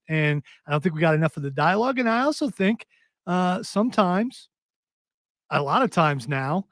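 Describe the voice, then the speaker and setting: A man's voice: fairly high pitch, no room sound. A man hosting a casual pop culture podcast who steers the topics and poses questions conversationally. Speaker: podcast host.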